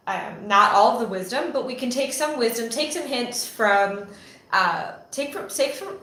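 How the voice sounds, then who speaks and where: A woman's voice: fairly high pitch, fairly bright tone. A woman talking casually to camera from a phone on a selfie stick, rambling in a chatty way, with frequent fillers and restarts. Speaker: channel founder and ministry vlogger. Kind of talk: casual spoken reflection to camera. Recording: echoey room, faint background hum.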